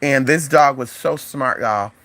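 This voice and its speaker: A spiritual advisor chatting casually on a livestream, animated and profane, calling viewers "honey" and "y'all", with sudden high exclamations. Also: unhurried.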